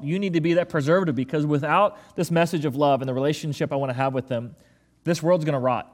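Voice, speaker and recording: Male pastor, slightly high voice, quick and chatty, loose rambling sermon delivery. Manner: casual, rambling, many fillers and asides.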